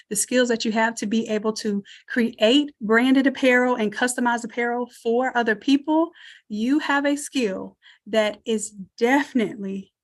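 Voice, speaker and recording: A woman with a Southern American accent and a fairly high voice hosts a live online design class over a computer mic on a video call. She talks to her viewers in an energetic, encouraging way, calling them y'all. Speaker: online design course instructor. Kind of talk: live webinar teaching and promotion.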